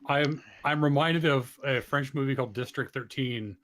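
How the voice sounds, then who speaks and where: A man sitting at a tabletop game and chatting casually in a relaxed, storytelling way. His voice has a middling pitch and sounds dry, with no room echo. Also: moderate pace. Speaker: player.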